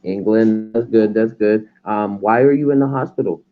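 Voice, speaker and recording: A man's voice: lowish voice, normal speed. A man hosting a casual livestream, easygoing and asking lots of questions. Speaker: host. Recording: tinny phone-like line.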